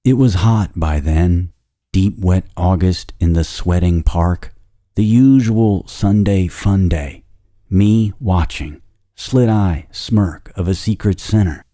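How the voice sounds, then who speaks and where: Deep, dark-voiced man reading obsessive fiction. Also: takes it slowly, no room sound, studio quality. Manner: intense, obsessive, lingering on words. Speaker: narrator. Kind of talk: dramatic first-person fiction reading.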